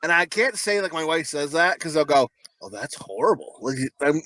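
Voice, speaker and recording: A man's voice: fairly high pitch, expressive, normal speed, few pauses, bright, forceful tone, poor audio. A man in his thirties co-hosting a podcast, telling crude stories in a rambling way, full of fillers. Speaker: podcast co-host. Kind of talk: casual podcast banter.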